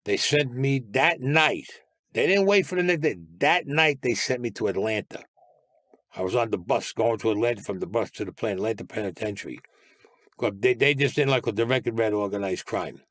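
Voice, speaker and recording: A man's voice: fairly low pitch, a little fast, fairly bright tone, dry recording, clean studio sound. An older man with a New York Italian-American accent, telling his life story as a guest, bluntly and with swearing, acting out the voices of others. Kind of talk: animated storytelling with quoted dialogue.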